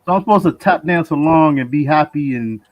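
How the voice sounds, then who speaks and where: A man's voice: on the high side, a little fast, dull audio. A man on a casual panel chat who reads out viewer comments and stops and restarts mid-sentence.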